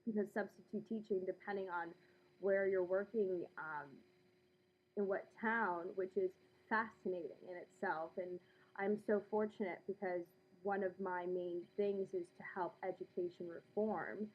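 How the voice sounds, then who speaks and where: Young Latina vlogger, careful diction, emphatic, slightly muffled recording. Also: female voice, medium pitch, moderate pace, slightly rough. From United States. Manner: enunciates every word, slips into Bronx Latina speech; lively and emphatic, with many fillers. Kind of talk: casual talk to camera.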